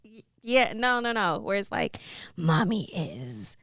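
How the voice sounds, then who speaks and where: Woman, mid-pitched, smooth clear voice, dry close mic, candid casual chat. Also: normal speed, bright, forceful tone, dry recording. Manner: candid, giggly, talks in loose trailing phrases. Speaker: podcast guest.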